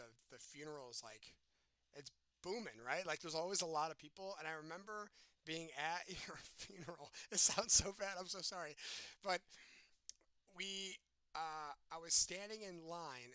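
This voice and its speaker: A man's voice: fairly high pitch, pushed and bright, clear, resonant tone, no room sound. A young man chatting casually as a host, retelling a story in a rambling, giggly way full of fillers.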